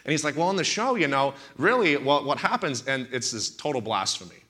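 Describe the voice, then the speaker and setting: A man's voice: mid-range voice, sing-song, brisk, sharp tone. A man in his thirties, a pastor preaching in a talk-show setting, telling stories animatedly and with indignant emphasis.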